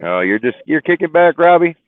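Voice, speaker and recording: A man's voice: on the high side, big pitch swings, fairly quick, dry recording. A worn-out man hosting a casual livestream chat, rambling and joking with a laugh. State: tired, worn out. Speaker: livestream host. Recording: tinny phone-like livestream audio.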